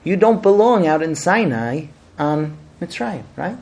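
High-voiced man teaching a mock Seder. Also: sing-song, measured pace, gravelly, a little mellow. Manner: explains terms, chants Hebrew blessings, jokes with class. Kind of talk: teaching with chanted blessings. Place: room with a group.

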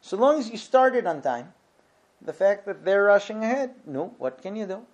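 A middle-aged man teaching a relaxed lesson on Jewish prayer law, talking it through step by step with frequent restarts. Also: high voice, moderate pace. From Israel. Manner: conversational, restarts often, explains step by step. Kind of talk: informal Torah lesson.

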